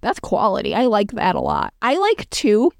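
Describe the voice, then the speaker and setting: Sarcastic woman reacting, crisp dry voice. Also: medium pitch, huge pitch swings, normal speed, dry recording. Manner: sarcastic, amused, reads aloud and riffs. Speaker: commentator reacting to a blog. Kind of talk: casual reaction commentary.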